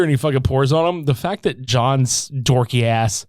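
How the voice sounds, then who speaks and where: A man's voice: mid-range voice, brisk, few pauses, no room sound, clean studio sound. A young man co-hosting a podcast, casually and profanely retelling a movie plot with lots of laughter. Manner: profane, excited, laughs often, acts out scenes in voices. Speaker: podcast co-host. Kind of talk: casual movie-review chat.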